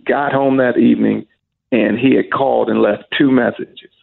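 Middle-aged male singer, guest storyteller, very gravelly and husky, heard over a tinny phone line. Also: medium pitch, normal speed. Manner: lively storyteller who acts out quoted voices. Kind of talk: storytelling in an interview.

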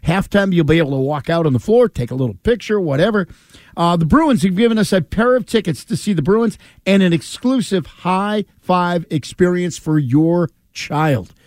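A man's voice: high-pitched, lively intonation, normal speed, a little mellow, no room sound. A man co-hosting a sports radio show, upbeat and ribbing, running through promos and auction items.

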